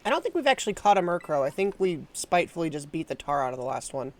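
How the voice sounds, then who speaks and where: A woman's voice: low voice, lively intonation, quick pace, darkish tone. A woman streaming a video game, chatting casually with a self-mocking, laugh-prone manner. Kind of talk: casual live gameplay commentary.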